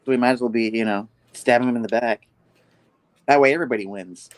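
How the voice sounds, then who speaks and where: A man's voice: medium pitch, quick pace, dry recording, lightly acted. A man voicing a scheming female crime boss while retelling a comic, quoting her as smug and greedy.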